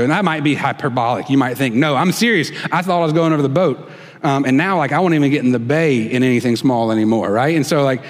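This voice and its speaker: A man preaching a sermon in a relaxed, conversational way with folksy asides. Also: a little high, big-room sound. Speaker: pastor.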